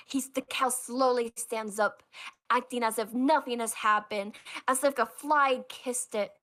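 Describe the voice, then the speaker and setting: A woman's voice: fairly high pitch, steady tone, measured pace, fairly bright tone. A woman acting as game master, narrating a tabletop role-play with dramatic, stammering storytelling.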